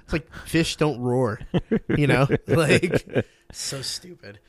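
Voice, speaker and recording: A man's voice: mid-range voice, slow, no echo. A man co-hosting a casual movie news chat, sarcastic and profane, slipping into mocking impressions. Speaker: podcast co-host.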